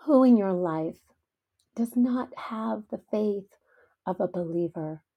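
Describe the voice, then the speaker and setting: A woman's voice: mid-range voice, slow pace, breathy edge, dull audio. A middle-aged woman hosting a devotional podcast, telling stories in an earnest, heartfelt way. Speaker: podcast host.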